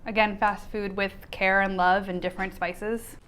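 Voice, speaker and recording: A woman's voice: medium pitch, level tone, normal speed, a bit bright, smooth. A woman host presenting a food review, upbeat and speaking to the camera.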